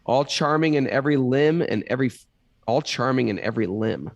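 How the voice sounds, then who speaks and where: A man's voice: mid-range voice, animated, a little fast, vocal fry, dry recording, highs cut off. A man reading scripture aloud as a podcast co-host, stopping now and then to ask puzzled questions about the text. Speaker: reader and co-host.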